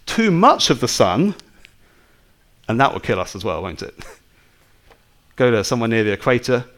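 A man's voice: medium pitch, sing-song, normal speed, fairly bright tone. A man preaching a sermon in a conversational way, full of rhetorical questions to his listeners.

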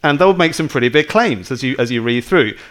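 A man's voice: medium pitch, expressive, brisk, fairly bright tone. A man preaching a sermon in a conversational way, full of rhetorical questions to his listeners.

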